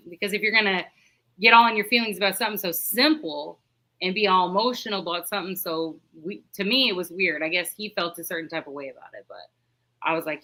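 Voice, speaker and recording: Chatty woman on a podcast, bright voice, lowish pitch, rambles through a story. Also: fast. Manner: recounts dialogue in a chatty, rambling way with many restarts. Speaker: podcast guest. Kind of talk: casual storytelling.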